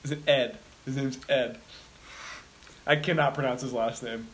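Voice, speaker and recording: Young male co-host, relaxed conversational delivery, mid pitch, light hiss under the voice. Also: unhurried. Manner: laid-back, laughs often, quiet mumbling asides. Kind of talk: casual chat.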